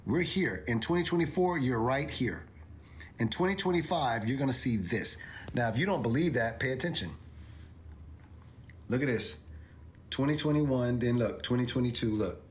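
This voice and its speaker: A man's voice: mid-range voice, animated, normal speed, long pauses, a little hiss or hum. A man hosting a livestream, talking viewers through crypto charts in an emphatic, repetitive way that climbs to incredulous exclamations. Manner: emphatic, repeats himself, rising to incredulous exclamations. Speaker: crypto commentator.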